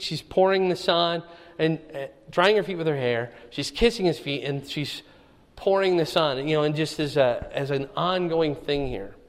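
A man's voice: on the high side, in a large hall. A man teaching a Bible study in a conversational way, often checking in with the listeners.

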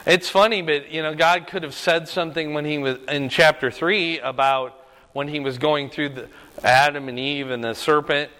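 A man leading a Bible study lesson in a relaxed, conversational way, often asking "right?" as he talks through the questions. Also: a little high, normal speed, big-room sound, low-quality recording. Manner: conversational, frequent rhetorical "right?".

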